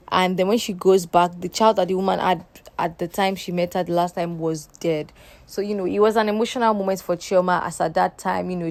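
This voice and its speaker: A woman's voice: fairly low pitch, a little mellow. A young woman with a sassy, chatty manner, recapping a reality show for her viewers. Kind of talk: casual recap commentary.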